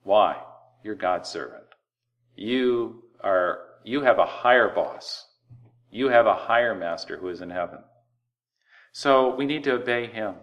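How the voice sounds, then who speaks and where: A man preaching a sermon, lively and conversational, drawing words out for emphasis and acting out everyday voices. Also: lowish voice, highs cut off. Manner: animated preaching, slows words for emphasis and acts out quoted voices. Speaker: pastor.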